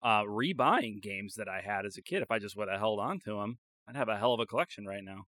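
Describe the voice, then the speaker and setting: Wry, bright-toned man, deadpan humor. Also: fairly low pitch, fast, dry recording, studio quality. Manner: wry, self-deprecating, deadpan jokes. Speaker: podcast co-host. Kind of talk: casual chat.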